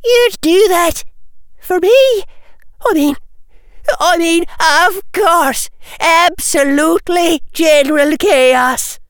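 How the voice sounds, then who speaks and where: A man's voice: very high voice, slow pace, fairly bright tone, no echo, clean studio sound, pitched above the performer's own voice, exaggerated voice. Man doing a gushing, theatrical schoolgirl. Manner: breathless, gushing, overexcited. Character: gushing, theatrical young girl witch.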